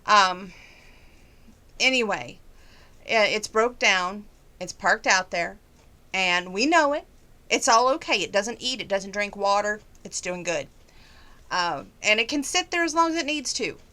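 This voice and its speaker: A woman's voice: medium pitch, animated, measured pace, pauses often, sharp tone. A middle-aged woman giving a chatty, folksy personal update to her viewers, holding back emotion. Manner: chatty and folksy, trying not to get emotional. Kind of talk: casual chat to viewers.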